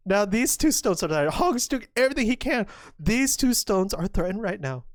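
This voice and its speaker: A young woman giving excited commentary on a board game, gushing and exclaiming as she acts out the players' imagined thoughts. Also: medium pitch, normal speed, hardly any pauses, dry recording, clean studio sound.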